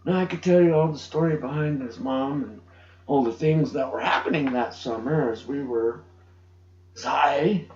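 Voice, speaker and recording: A middle-aged man giving an emotional personal testimony, halting and restarting as he speaks. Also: a little high, a little mellow, a little hiss or hum. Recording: dull roomy home recording.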